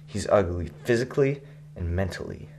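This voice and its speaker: A young man in a mock interview, halting and petty, stumbling over his words, with guitar music behind. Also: sits low, lively intonation, a little mellow, slight background noise. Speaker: interviewee in a comedy sketch.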